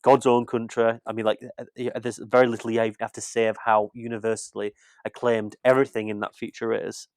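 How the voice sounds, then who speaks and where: A man's voice: fairly low pitch, flat delivery, fairly quick, few pauses, a little mellow, smooth, no echo, clean studio sound. A British man in casual podcast chat, rambling and restarting his sentences as he talks about film. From Britain. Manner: rambling, repeats words and restarts. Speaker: podcast co-host, film critic.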